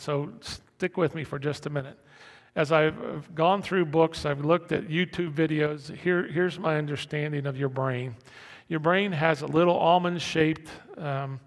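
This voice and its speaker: A male pastor with a slightly high, gravelly voice gives a conversational sermon, stumbling over and repeating his words. Now and then he jumps into loud, frantic little voices to act out a worried mind. His voice rings through a hall with a long reverb. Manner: conversational, repeats words and restarts, acts out panicked inner voices.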